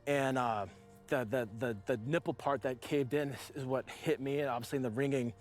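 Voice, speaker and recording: A man's voice: medium pitch, fairly even intonation, moderate pace, faint music behind. Rambling man telling a war story. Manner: rambling, full of "like" fillers. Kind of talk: casual storytelling.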